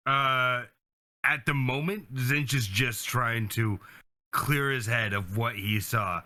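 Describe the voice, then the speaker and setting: A man at a game table describes his character's actions. He speaks slowly, with a bright and forceful tone, and stops to search for his words. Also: medium pitch. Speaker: player.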